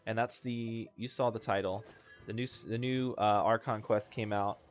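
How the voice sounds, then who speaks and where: Man, lower voice, casual let's-play host, rambly and self-deprecating, faint game music underneath. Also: steady tone, normal speed. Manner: rambling, chatty, self-deprecating, laughs often. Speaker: gaming video host.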